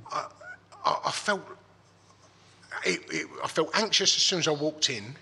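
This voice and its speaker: A middle-aged man talks as a guest in a loose, rambling way, with frequent restarts and casual swearing. His voice is husky but bright and forceful, pitched a little high. The room around him has a long, echoing reverb. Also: sing-song, moderate pace. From East London. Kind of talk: casual interview chat, frank and sweary.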